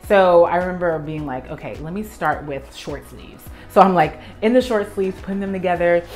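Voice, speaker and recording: A young woman, a professional organizer, telling an animated story in a vlog while she tidies, acting out her own past reactions. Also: lowish voice, moderate pace, faint music behind.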